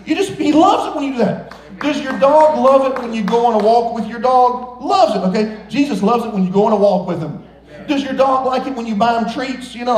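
A man's voice: very high voice, lively intonation, brisk, darkish tone, roomy sound, low-quality recording. A man preaching a sermon as pastor of a church, earnest and exhorting, breaking in with playful jokes. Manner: playful, joking asides between earnest exhortations. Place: large church sanctuary.

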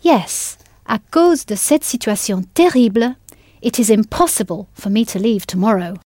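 A woman's voice: on the high side, expressive, normal speed, darkish tone, dry recording, studio quality. A woman teaching a language in a scripted audio lesson, patient and encouraging, spelling words out letter by letter.

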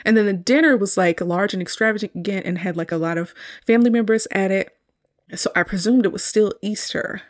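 A woman's voice: mid-range voice, a little fast. A woman hosting a solo review podcast, retelling a film scene in a chatty, casual way and laughing often.

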